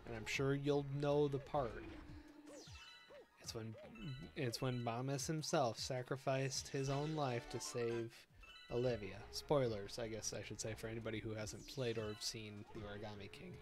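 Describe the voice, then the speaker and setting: A young man streaming a game, chatting casually and gushing with excitement and emotion. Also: medium pitch, moderate pace, over music.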